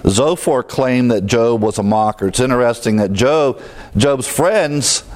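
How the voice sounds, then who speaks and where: A man's voice: medium pitch, measured pace, a little mellow. A middle-aged man teaching verse by verse through a Bible book, conversational, with fillers and chuckles.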